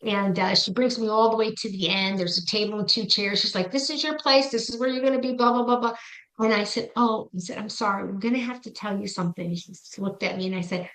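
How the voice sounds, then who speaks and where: Middle-aged woman spinning a story in an interview, acts out what she was thinking, lively and chatty. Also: medium pitch, quick pace, poor audio. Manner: animated storyteller, acts out her own past reactions. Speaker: psychic medium guest.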